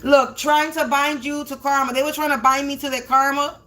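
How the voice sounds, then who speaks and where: A high-pitched woman with a bright, sharp edge hosts a spiritual reading on a livestream. She swears freely and rambles indignantly, stumbling and restarting her words as she talks. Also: flat delivery, normal speed. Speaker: spiritual reader, livestream host. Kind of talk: livestreamed tarot-style reading, profane rant.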